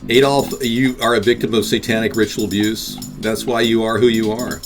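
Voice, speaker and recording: A man's voice: lowish voice, fairly even intonation, brisk, over music. A man hosting a live interactive talk stream, rambling and combative as he answers chat.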